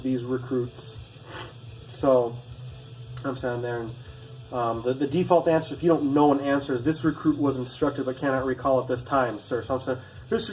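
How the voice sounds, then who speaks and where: A former Marine recruit telling a story to camera in a casual, rambling, profane way, full of asides. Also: male voice, mid-range voice, darkish tone, slight background noise, low-quality recording.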